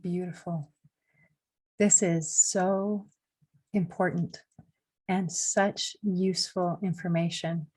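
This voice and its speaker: A woman hosting a podcast, speaking slowly as she thanks her guest. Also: fairly low pitch, fairly even intonation, warm tone, husky, poor audio. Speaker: podcast host. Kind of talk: casual interview.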